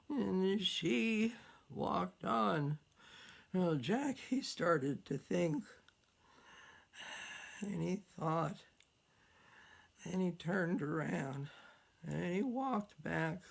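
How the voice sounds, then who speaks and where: A woman storyteller spins a folktale in a slow, drawling rhythm, repeating phrases for effect. Her low voice carries a gravelly creak, and she takes her time with every line. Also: lively intonation. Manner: repetitive, drawling rhythmic telling.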